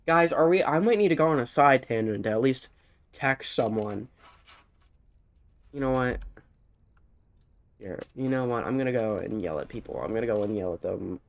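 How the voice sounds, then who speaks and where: A man's voice: medium pitch, moderate pace, vocal fry, long pauses. A young man commentating on his game, rambling and interrupting himself, short of breath. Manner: rambling, self-interrupting, animated. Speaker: gamer streamer. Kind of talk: casual gameplay commentary.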